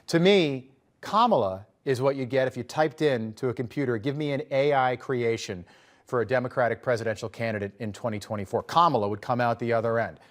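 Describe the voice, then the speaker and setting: Sarcastic male political commentator. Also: medium pitch. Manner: conversational, emphatic, sarcastic asides.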